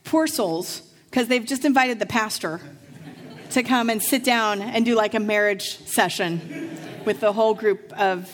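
A middle-aged woman pastor delivering a sermon, telling a lively personal story and acting out the voices of the people in it. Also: a little high, unhurried. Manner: storytelling, acts out voices in anecdotes.

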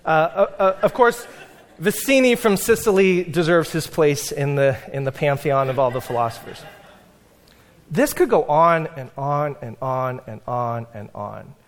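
A male pastor preaches with a notably high voice. He talks like a lecturer telling a story, chatty and animated, with quick asides. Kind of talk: sermon.

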